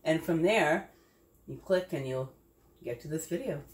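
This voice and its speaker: Woman cook hosting a homey demo: low-ish, lively voice, chatty, kitchen echo and clinking dishes. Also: measured pace. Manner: chatty, thinks aloud, tastes while talking. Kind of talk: casual cooking demo talk. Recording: echoey kitchen. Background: clinking dishes and cutlery.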